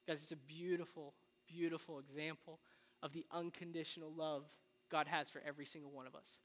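A man preaching a sermon, retelling the story in a casual, animated way with slang. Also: a little high, a little fast. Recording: long reverb of a large hall.

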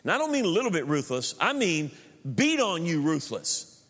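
High-voiced preacher in a reverberant hall. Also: male voice, moderate pace. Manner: emphatic, animated preaching with joking asides and repeated words. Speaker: pastor. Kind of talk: sermon.

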